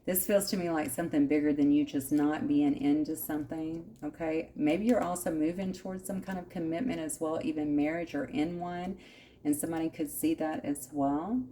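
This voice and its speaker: A woman's voice: low voice, steady tone, normal speed, warm tone, slight background noise. A woman giving a casual channeled tarot reading, musing aloud with frequent asides. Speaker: tarot reader.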